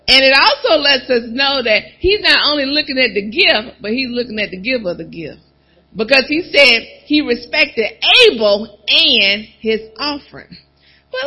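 A woman preaching a sermon, talking straight to the congregation and pausing for replies. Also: high voice, breathy edge, poor audio. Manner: animated, calls out to the congregation.

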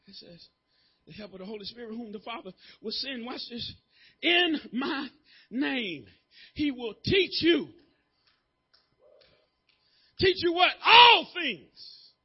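A male pastor preaching a sermon, talking casually with the congregation, then building to shouted, sung-out preaching. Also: extremely high pitch, big pitch swings, slow, long pauses, slightly rough, muffled recording. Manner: conversational, calls on congregation members. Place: church.

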